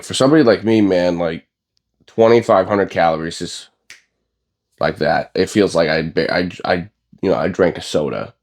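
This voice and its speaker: A man's voice: deep voice, gravelly, a little mellow. A young man on a bodybuilding vlog talking casually, blunt and profane, rambling with lots of fillers. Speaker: bodybuilding vlogger. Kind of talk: casual gym vlog rant.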